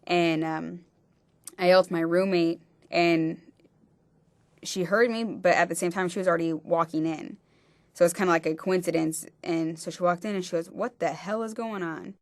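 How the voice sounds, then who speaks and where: A woman recounting a personal experience in a halting way, often restarting her sentences. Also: fairly low pitch, steady tone, no room sound. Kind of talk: personal testimony.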